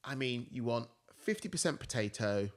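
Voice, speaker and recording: A British man chatting as a podcast guest, his voice swinging widely in pitch as he spins stories. He acts out the lines of people in his anecdotes. His voice sits in a middle register. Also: normal speed. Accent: British English. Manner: animated storyteller, acts out quoted dialogue. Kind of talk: casual chat.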